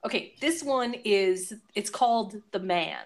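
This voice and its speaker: A woman's voice: mid-range voice, lively intonation, measured pace. Female panelist, enthusiastic, casual conversational tone. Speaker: podcast panelist.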